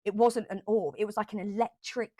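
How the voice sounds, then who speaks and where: A woman vlogger telling a personal story straight to camera, emotional and animated, repeating herself for emphasis and swearing now and then. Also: mid-range voice, brisk, no echo.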